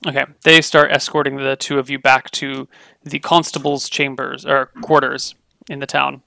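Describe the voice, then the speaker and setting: A man's voice: mid-range voice, little pitch movement, moderate pace, gravelly, pushed and bright, dry recording. A man running a tabletop game as game master, narrating and asking players about their actions.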